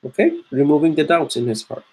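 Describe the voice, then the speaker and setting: A man teaching Quranic Arabic grammar, explaining step by step with frequent restarts and throat-clearing, and chanting verses between explanations. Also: on the high side, quick pace, darkish tone. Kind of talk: grammar lesson.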